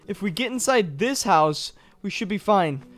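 A young man playing a horror game with a friend, frantic and excitable, often yelling. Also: high-pitched, normal speed. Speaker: gaming YouTuber. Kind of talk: gameplay commentary.

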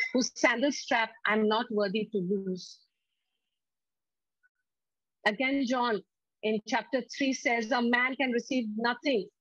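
A woman delivers a sermon in a slightly high voice, dwelling on each scripture line with slow emphasis. She leads the congregation in call-and-response. The sound is dry and a little dull. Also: fairly bright tone, no room sound. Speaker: preacher.

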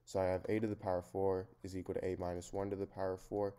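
Man, low voice, mellow tone, step-by-step math lesson, methodical. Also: little pitch movement, fast talker, smooth. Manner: plain, methodical explaining, talking through each step. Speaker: math tutor.

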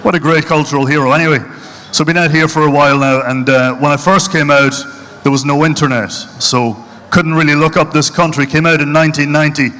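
A middle-aged Irish comedian telling punchy, mocking stories on stage. His voice sits a bit high and sounds bright and sharp, with a long hall reverb around it. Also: level tone, a little fast. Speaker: stand-up comedian. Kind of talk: live stand-up comedy. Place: stage at a charity event hall.

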